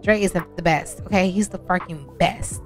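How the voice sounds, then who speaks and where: A young woman hosts a casual game let's-play, speaking. She chats warmly with her viewers and often gets excited as she goes. Faint music plays softly behind her voice. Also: on the low side, moderate pace. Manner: chatty, excitable, talks to viewers as y'all. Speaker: gaming channel host.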